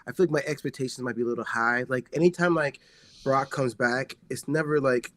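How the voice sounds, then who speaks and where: A man co-hosting a casual wrestling talk show. He rambles excitedly and circles back on himself, his voice sitting in an ordinary middle pitch. He loads his sentences with filler words. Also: fairly quick, slight background noise. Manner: excitable, rambling, heavy use of "like". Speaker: wrestling podcast co-host. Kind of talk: casual chat.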